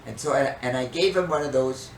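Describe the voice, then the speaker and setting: An older man and podcast co-host, telling a story in casual chat with an animated, dramatic manner. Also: medium pitch, a little fast. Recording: echoey room, distant mic, faint noise.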